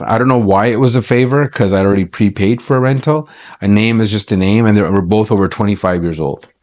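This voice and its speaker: A man's voice: lowish voice, fast talker, darkish tone. A middle-aged man from Canada, an accountant, telling a personal story to camera in a chatty, aggrieved way with many fillers and restarts.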